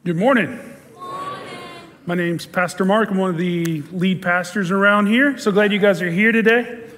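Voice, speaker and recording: Pastor, male, higher-pitched, animated storyteller in an echoing church. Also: normal speed, a little hiss or hum. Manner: storytelling, animated, chuckles while telling stories. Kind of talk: sermon. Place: church sanctuary. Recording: church hall with long reverb.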